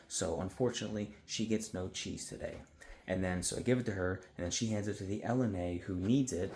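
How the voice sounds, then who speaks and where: A man's voice: deep voice, darkish tone, slight background noise. Exasperated, swearing man venting. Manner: exasperated, profane, rambling. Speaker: vlogger. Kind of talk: casual venting monologue.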